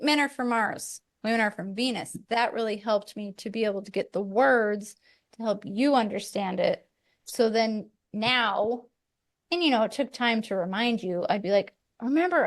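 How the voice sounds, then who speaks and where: A middle-aged woman hosting a podcast, talking candidly and reflectively in casual chat, with light laughs now and then. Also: a little high. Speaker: podcast host.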